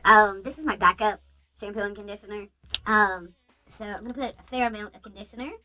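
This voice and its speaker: A woman's voice: a little high, sharp tone. A woman vlogging casually at home, rambling and chatty with lots of asides and fillers. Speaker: beauty vlogger. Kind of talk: casual chatty DIY vlog.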